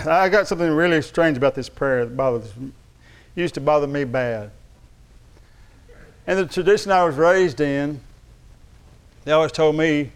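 A man's voice: fairly high pitch, moderate pace, long pauses, smooth. A man preaching a sermon as pastor, speaking emphatically and calling on the congregation to respond.

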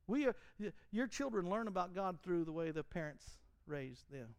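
A middle-aged male pastor preaching an animated sermon in a church, mimicking fiery preachers and laughing at his own jokes. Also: high voice, moderate pace, no room sound, studio quality.

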